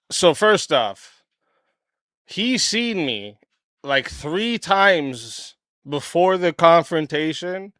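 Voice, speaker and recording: A man hosting his channel, telling a story in a blunt, profane, casual way and clearing his throat often. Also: medium pitch, a bit bright, no echo, studio quality. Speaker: channel host.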